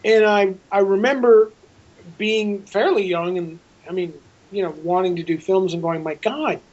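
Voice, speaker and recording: A man, a film director being interviewed, telling a rambling, animated story with frequent restarts. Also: sits high, dull audio.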